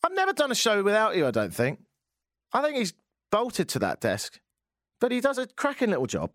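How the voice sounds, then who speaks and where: Animated English man hosting radio. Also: sits high, fairly quick, no echo. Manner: chatty, joking, rambling. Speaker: radio host. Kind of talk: casual radio chat. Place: radio studio.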